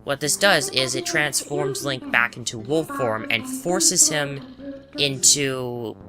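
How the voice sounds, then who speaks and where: A man provides casual, chatty commentary over a game walkthrough with game music behind him, often correcting himself and tossing in wry asides. His mid-range voice is animated but slow-paced.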